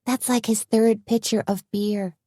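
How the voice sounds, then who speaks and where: A woman's voice: a little high, fairly even intonation, a little slow, mellow, dry recording, clean studio sound, pitched above the performer's own voice. A woman voicing a chatty, teasing small-town woman friend in an audiobook, raised and perky. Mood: gossipy.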